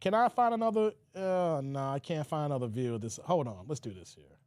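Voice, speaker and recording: A man hosting a casual livestream, reading chat comments in an animated way, with stuttered repeats and frequent laughter. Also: on the high side, brisk, no room sound. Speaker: livestream host.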